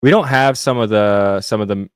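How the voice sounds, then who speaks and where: Podcast co-host, young man from Indiana, low pitch, dry close sound, loose chatty delivery full of fillers and restarts. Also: moderate pace, clean tone, dry recording. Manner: rambling, many fillers and restarts. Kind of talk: casual sports chat with live chat.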